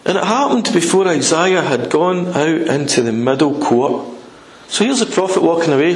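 A man's voice: a little high, expressive, moderate pace. A man preaching an informal sermon in a conversational, emphatic way, acting out scripture scenes. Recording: echoey room with faint noise.

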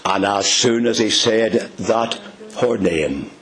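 A male preacher with an Ulster accent delivers a sermon at an unhurried pace. His pitch rises and falls dramatically as he speaks. He sometimes sinks to a hushed whisper to stress a point. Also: lively intonation. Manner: dramatic, drops to whispers for emphasis; addresses listeners as dear friends.

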